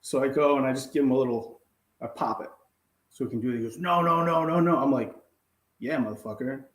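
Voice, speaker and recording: A man's voice: mid-range voice, brisk, fairly bright tone. Man telling stories in a roomy echo. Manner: swears freely, acts out quotes. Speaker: podcast co-host. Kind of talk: casual chat, storytelling.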